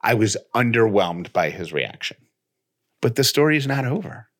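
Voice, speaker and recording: Here a male podcast co-host speaks in a mid-range voice at a moderate pace. Telling his story casually, he stays animated and performs the quoted dialogue as it unfolds.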